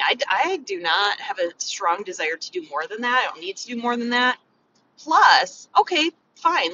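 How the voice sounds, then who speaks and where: A woman vlogging casual, frank business advice as a beauty consultant, talking chattily and acting out customers in quick asides. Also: mid-range voice, pushed and bright, recorded from a distance, muffled recording, a little hiss or hum. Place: in a car on the way to set up.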